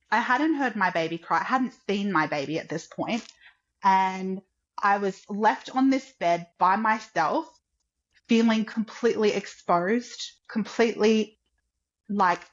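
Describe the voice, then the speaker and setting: A medium-pitched woman comes through a muffled recording. Appearing on a podcast, she casually relates a personal story, chatty and heavy on "like," performing what others said.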